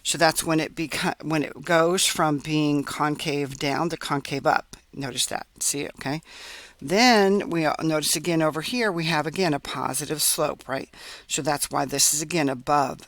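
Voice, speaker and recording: A man's voice: fairly high pitch, moderate pace, a bit bright, no echo. A man teaching a recorded math lesson, explaining step by step as he works on a graph and checking in often with "right?" and "okay?".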